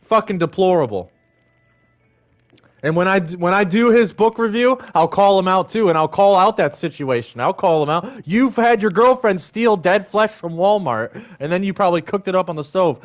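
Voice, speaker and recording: Angry ranting man, fairly high voice. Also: lively intonation, normal speed. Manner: heated, profane, repetitive. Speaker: livestream host.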